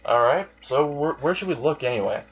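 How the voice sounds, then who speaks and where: A man's voice: on the high side, animated, a little fast, creaky, slightly rough, pitched above the performer's own voice, heavily acted. Laid-back young hero, as a man puts him on. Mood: helpful. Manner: offhand and chatty. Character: casual, helpful young male hero. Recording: dull lo-fi sound.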